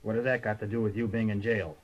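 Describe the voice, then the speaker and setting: A man's voice: fairly low pitch, flat delivery, fast, lo-fi sound, natural voice. An actor playing a stern, impatient elderly man who wants to hire a detective in a radio comedy. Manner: stiff, impatient, formal. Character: stern elderly male rich client.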